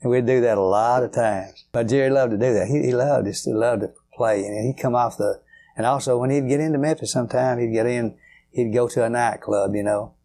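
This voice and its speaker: A brisk, dark-toned voice of medium pitch belongs to an older man, a guitarist guest in an interview. He tells rambling, folksy stories with lots of fillers.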